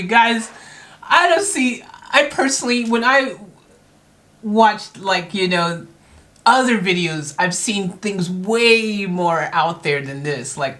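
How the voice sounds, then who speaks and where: A woman's voice: fairly low pitch, fairly bright tone. A woman from the United States hosting a casual reaction video, rambling and self-mocking with lots of fillers.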